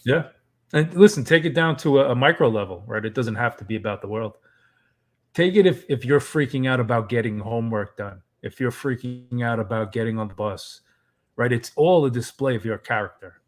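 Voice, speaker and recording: Easygoing reflective dad co-host. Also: male voice, mid-range voice. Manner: reflective, many "um" fillers, easygoing. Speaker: co-host, fatherhood coach. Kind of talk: live Q&A advice talk.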